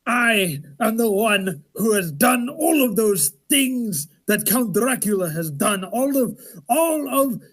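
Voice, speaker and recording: A man's voice: high-pitched, lively intonation, slow, heavily acted. A man performing as a boastful vampire who claims Dracula's deeds, in a grandiose theatrical monologue. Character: boastful secret vampire rival of Dracula, male. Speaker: improv performer. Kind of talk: live improv monologue.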